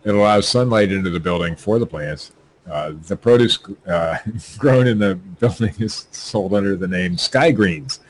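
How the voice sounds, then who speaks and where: A man with a fairly low voice reads news items on a casual podcast, tripping over words and filling gaps with "uh". A faint ambient hum sits under the recording. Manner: stumbling, halting reading with fillers. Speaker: podcast co-host reading news. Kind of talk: casual chat, reading news aloud.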